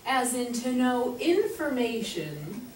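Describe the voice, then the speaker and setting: This woman's voice is fairly high and swings widely in pitch as she slowly and patiently teaches French. It's classroom instruction in which she explains and spells words letter by letter, captured from afar in an echoey room.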